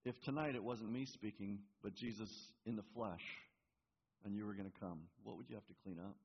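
Husky-voiced preacher in a reverberant hall. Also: male voice, lowish voice, fairly quick. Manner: earnest, often stammers and repeats words. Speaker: pastor. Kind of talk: sermon. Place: church hall. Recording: reverberant, muffled hall recording.

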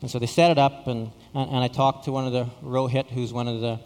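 A man's voice: medium pitch, level tone, fast, darkish tone, big-room sound. A middle-aged man from Saskatchewan, a pastor telling a story in a sermon, often repeating words with self-deprecating humor. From Saskatchewan, Canada.

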